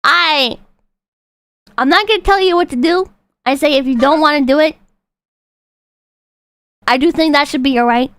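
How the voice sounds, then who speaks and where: A woman livestreamer commenting casually on videos, with profane, excitable outbursts between calm readings of donations. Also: high voice, moderate pace, pauses often.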